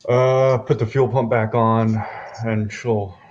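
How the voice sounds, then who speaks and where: A man's voice: medium pitch, little pitch movement, slow, a little mellow. A man with a mid-range voice telling stories in an easy, laid-back way. The recording sounds a bit dull and lo-fi. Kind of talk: casual garage chat.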